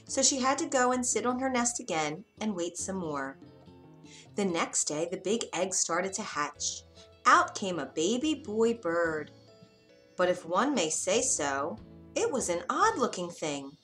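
A woman narrating an animated fairy tale for children in a lively, expressive read-aloud manner. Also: mid-range voice. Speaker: storyteller.

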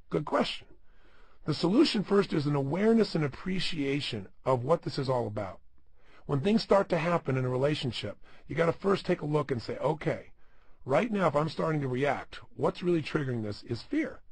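A man's voice: a little high, lively intonation, moderate pace, husky, no room sound. A middle-aged man giving an emphatic self-help audio talk as a motivational speaker, firing rhetorical questions at the listener.

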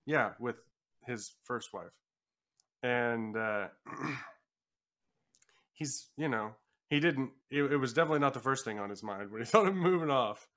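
A man's voice: mid-range voice, lively intonation, unhurried, pauses often, fairly bright tone. A man co-hosting a podcast, chatting casually and joking as he rambles through a reality show. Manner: joking, rambling, slips into mock voices. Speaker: podcast co-host. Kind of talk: casual comedic chat.

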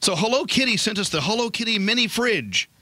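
A man's voice: high-pitched, lively intonation, a little fast, bright, forceful tone, dry recording. A man with a Texan accent hosting a morning radio interview, joking and teasing his guest. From Texas. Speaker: radio host. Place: radio studio.

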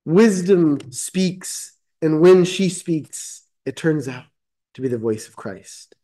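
A man's voice: on the high side, expressive, slow pace, mellow, low-quality recording. A man preaching a sermon as pastor, reading scripture aloud and expounding it with emphatic repetition.

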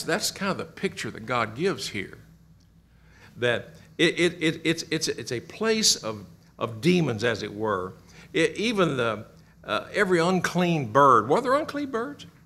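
Man teaching a Bible class. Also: medium pitch. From Kentucky. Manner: asks the class questions and repeats answers, animated emphasis. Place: church classroom.

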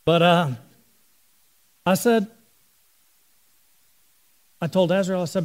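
A middle-aged man preaches from the pulpit, his voice sitting fairly high for a man. He tells family stories in an easy, conversational way and often turns to address the people listening. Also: a little slow, long pauses. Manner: storytelling, conversational with the congregation. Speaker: pastor. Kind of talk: sermon.

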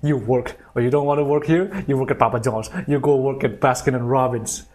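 A man's voice: mid-range voice, a little fast, a little mellow. A man giving casual reaction commentary, laughing often and repeating the funny lines back. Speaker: video reactor.

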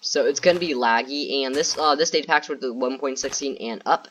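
A man's voice: mid-range voice, quick pace, hardly any pauses, pushed and bright, slight background noise. A man doing gameplay commentary who rambles nervously, repeats himself and keeps talking to his viewers. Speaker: gaming YouTuber.

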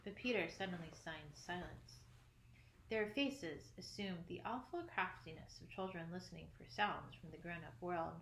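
A woman's voice: on the low side, normal speed, slight background noise. Woman reading a storybook aloud. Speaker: narrator. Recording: echoey room, faint ambience.

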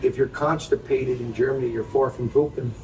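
A man's voice: mid-range voice, fairly even intonation, fairly quick, roomy sound, far from the mic, background noise. A man in his fifties, a guest trading blunt, wisecracking jokes in casual chat. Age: 50s.

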